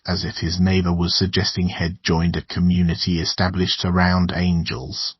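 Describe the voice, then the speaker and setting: A man narrating a horror audiobook in measured storytelling. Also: low-pitched, level tone, husky, dry recording. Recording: dull lo-fi dry recording.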